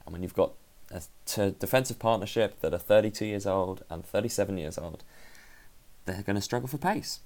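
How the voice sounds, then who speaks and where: On his solo football podcast, a man speaks a little fast in a low, darkish voice. He breaks things down analytically but keeps it casual, regularly catching and correcting himself.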